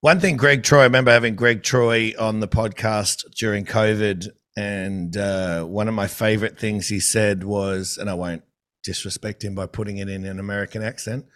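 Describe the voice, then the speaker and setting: A man hosting a podcast, chatting casually and telling lively stories with frequent laughs. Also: on the low side, normal speed. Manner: animated storyteller, laughs often. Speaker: podcast host.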